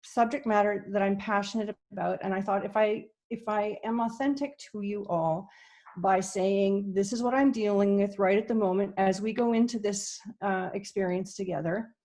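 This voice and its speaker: A woman from Canada giving an online conference presentation, earnest and hesitant, often pausing with ums and restarting her sentences. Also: medium pitch, fairly even intonation, dark tone. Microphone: video call.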